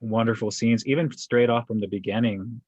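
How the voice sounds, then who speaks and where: A man co-hosting a podcast, chatting casually about a book in a relaxed manner, often chuckling and asking questions. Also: mid-range voice, normal speed, slightly rough, no echo. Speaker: podcast co-host. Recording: dull dry lo-fi sound.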